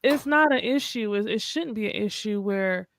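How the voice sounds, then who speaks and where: A woman's voice: medium pitch, moderate pace, a little hiss or hum. A woman co-hosting a podcast, giving blunt, slangy dating advice in casual chat. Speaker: podcast co-host.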